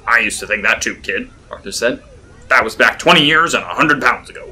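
Male reader plays a wry middle-aged raconteur for an audio story: dry, teasing drawl, bright, crisp voice. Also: medium pitch, animated, brisk, slight background noise. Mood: storytelling. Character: wry, sarcastic middle-aged man, cigar-chewing storyteller.

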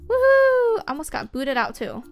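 With faint game music playing underneath, a high-pitched woman commentates her own gameplay at a measured pace, casual and excitable, letting out frequent squeals and whoops.

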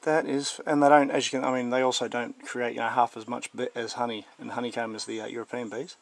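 A man with an Australian accent, chatting excitedly on a camera as he climbs through the bush. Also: medium pitch, fast talker, vocal fry, no echo. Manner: excited, chatty, calls everyone mate. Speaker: bushwalker filming. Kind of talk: casual outdoor vlog. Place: outdoors in the bush, climbing a hill.

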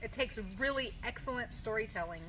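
Lively woman telling stories over noisy audio. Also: on the high side, brisk. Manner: animated storyteller who laughs often. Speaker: author, guest on a live video chat. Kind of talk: casual chat, storytelling. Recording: noisy live-stream audio.

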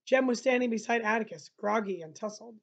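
A woman teacher reading a novel aloud and pausing to explain passages to her listeners. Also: a little high, gravelly. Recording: dull lo-fi recording.

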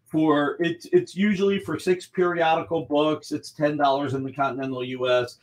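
A man running a live comic book auction over a video call, pitching books with enthusiasm and urging bidders on. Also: steady tone, moderate pace. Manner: enthusiastic, pushes bidders along. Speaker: guest auctioneer.

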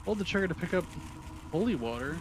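A man's voice: sits high, animated, fast, music in the background. A man hosting a horror game let's play, yelping at scares and grumbling about the controls. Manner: jumpy, yelps and screams at scares, self-mocking complaints. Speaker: gaming channel host.

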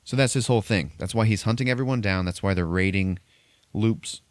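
A man with a lowish voice hosts a podcast, recapping a film a little quickly in a loose, swear-filled way, with no echo in the sound.

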